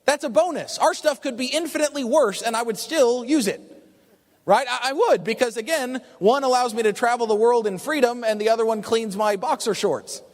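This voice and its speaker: A man telling an animated story to an audience at a business talk, chatty and often asking "right?". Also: extremely high pitch, brisk. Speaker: business opportunity speaker. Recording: long reverb of a large hall.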